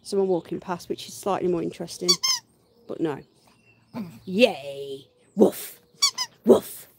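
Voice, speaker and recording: A woman's voice: lowish voice, moderate pace, noisy background. A woman hosting a casual garden livestream, chatting to viewers and cooing baby talk at her dog with frequent laughter, recorded outdoors. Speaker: livestream host. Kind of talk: casual live-stream chat with pets and viewers.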